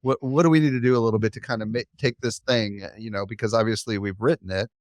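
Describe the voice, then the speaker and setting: A man hosting a podcast interview, briskly prompting his guest and cutting in with quick questions. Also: lowish voice, fairly even intonation, no echo, clean studio sound. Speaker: podcast host. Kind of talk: interview conversation.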